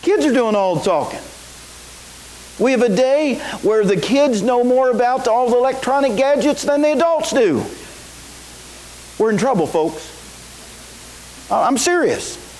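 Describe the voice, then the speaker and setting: Guy preaching a sermon, high voice, keeps asking the congregation stuff. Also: animated, a little slow, long pauses, darkish tone, poor audio. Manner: preaching to a congregation with call-and-response questions. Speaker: pastor. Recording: faint hiss.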